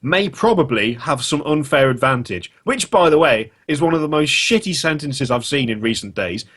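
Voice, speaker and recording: A man's voice: medium pitch, lively intonation, moderate pace, fairly bright tone, breathy edge. A man hosting a casual podcast chat, ranting in disbelief with lots of swearing. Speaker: podcast host.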